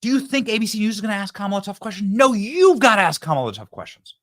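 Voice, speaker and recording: A man's voice: sits high, big pitch swings, racing. A man in his thirties hosting a political commentary show, talking emphatically and repeating himself as he builds to punchy lines. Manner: emphatic, repetitive, rising to near-shouts when acting out debate lines. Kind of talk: animated political monologue.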